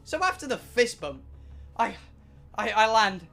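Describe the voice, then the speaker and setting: A young British man with a high, bright voice tells a story to his live chat. He is excitable and swears freely, with dramatic pauses, and faint music plays behind him. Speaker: streamer. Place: home streaming room.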